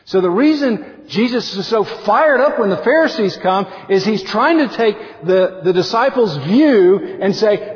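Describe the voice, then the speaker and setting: A man preaching a sermon as pastor, animated, acting out quotes with big swings in pitch. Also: a little slow, few pauses. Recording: dull lo-fi sound with long hall reverb.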